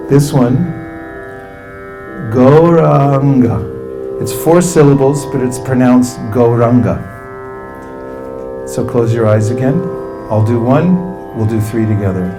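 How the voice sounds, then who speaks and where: A man giving a spiritual talk as a meditation teacher, calmly instructing listeners and leading them in mantra chanting. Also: medium pitch, unhurried, music in the background. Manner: calm, instructive, leads the audience through chanting.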